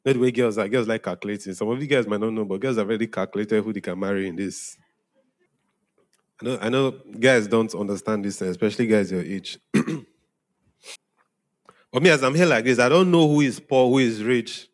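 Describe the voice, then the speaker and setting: A man's voice: lowish voice, fairly quick. A man, a pastor preaching to young people in a conversational way, often checking if they follow. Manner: conversational preaching, often asking "are we together?". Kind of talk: sermon to young congregation.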